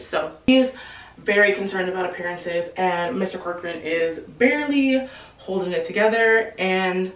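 A woman's voice: on the low side, moderate pace. A young woman in her twenties casually retelling a novel's plot in a chatty, slang-filled way. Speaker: book channel host. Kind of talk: casual book summary storytelling. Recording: roomy, distant from the mic.

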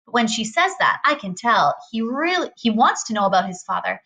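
A woman's voice: on the high side, sing-song, fairly quick, pushed and bright. A woman reading a novel aloud in a casual, conversational first-person narration. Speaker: reader.

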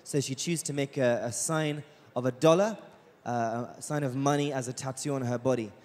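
A man interviews a church guest with calm, probing questions and recaps her answers. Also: mid-range voice, moderate pace, long reverb tail.

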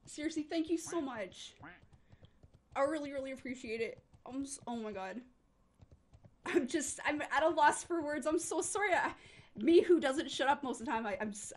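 A woman livestreamer, overwhelmed and close to tears, gushing thanks over and over to her chat. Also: sits high. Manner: gushing, repeats thanks and exclamations. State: emotional, near tears. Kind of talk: overwhelmed thank-you on a live stream.

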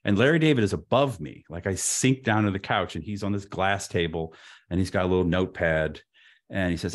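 A man in his fifties, a podcast guest telling an anecdote in an animated way, with frequent stammered restarts. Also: sits low, fairly quick. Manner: stammering restarts, lively and expressive.

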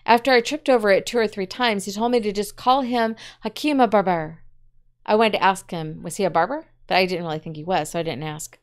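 Smooth-voiced woman teacher reading aloud. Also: mid-range voice. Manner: measured, clear storytelling with short asides. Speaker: literature teacher. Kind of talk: reading a story aloud and explaining it.

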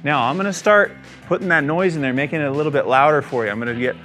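A man's voice: fairly high pitch, rapid-fire, fairly bright tone, faint music behind. A young man, a fitness instructor, leading a guided exercise class with encouraging cues and frequent check-ins.

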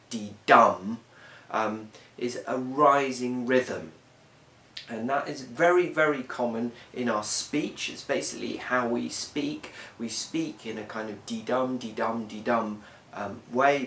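A man explaining a lesson in a measured way, often pausing with um. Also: medium pitch. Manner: measured, with frequent ums. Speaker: teacher. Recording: roomy, from a distance, faint hiss.

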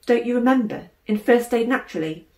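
A woman's voice: a little high, lively intonation, fairly quick, darkish tone, pitched above the performer's own voice, lightly acted. A woman voicing a teasing, protective girl, older sister of a young boy, in a storybook reading. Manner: teasing, coaxing. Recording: roomy room echo.

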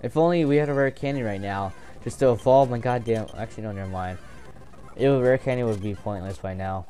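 A young man giving casual, excitable commentary while playing a game, swearing and joking to himself. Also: fairly low pitch, brisk, soft background music. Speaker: gameplay commentator.

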